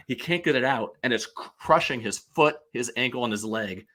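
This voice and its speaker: A man from the St. Louis area, a podcast guest, telling stories in an animated, rambling way with lots of restarts. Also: medium pitch, normal speed. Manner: animated, digressive storyteller. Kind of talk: casual chat.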